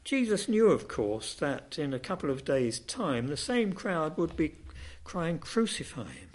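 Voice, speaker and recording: A man's voice: a little high, big pitch swings, unhurried. A man preaching a sermon, telling a Bible story with dramatic, rising and falling emphasis.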